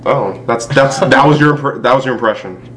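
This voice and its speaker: A man's voice: mid-range voice, moderate pace, a bit bright. A man hosting a casual podcast, telling stories in a joking way with laughs. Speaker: podcast host. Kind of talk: casual chat.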